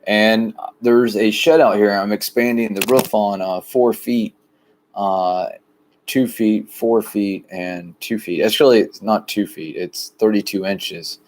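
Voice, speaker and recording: A man from the rural United States, talking in a rambling, plain, deliberately low-key monologue outdoors by a shed. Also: steady tone, darkish tone, a little hiss or hum. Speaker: vlogger.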